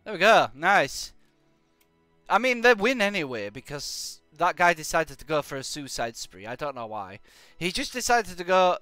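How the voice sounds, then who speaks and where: A man commentates his own game in a lively voice that swoops up and down, often sarcastic and jokey. His voice sounds high and bright. Faint music plays underneath. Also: a little slow, no room sound. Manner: jokey, sarcastic, animated, bursts of exclamations. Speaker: live-streaming gamer. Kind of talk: live gameplay commentary.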